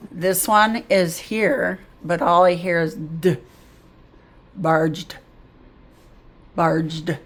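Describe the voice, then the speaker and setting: Slow, patient woman tutoring phonics. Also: on the low side. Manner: slow, patient, sounding out words aloud. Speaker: reading tutor. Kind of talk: phonics lesson to camera.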